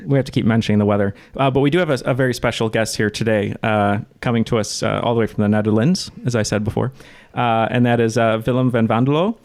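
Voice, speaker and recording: Brief: male podcast host, mid-pitched, loose and rambling, full of "uh"s, casual chat. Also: steady tone, quick pace, a little mellow. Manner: rambling, lots of fillers and restarts.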